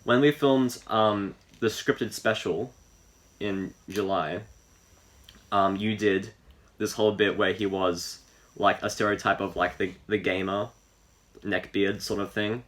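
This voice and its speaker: A man chats loosely as a podcast co-host, his voice pitched a touch low yet bright and forceful. He wanders through his points, restarting sentences and leaning on fillers. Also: fairly even intonation, measured pace. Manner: rambling, filler-heavy, restarts thoughts. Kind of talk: casual chat.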